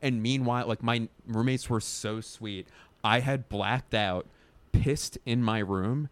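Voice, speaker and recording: A man's voice: medium pitch, fairly even intonation, slow pace, no room sound. A young man co-hosting a casual podcast chat, telling a long, rambling story and laughing through his own words. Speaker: podcast co-host.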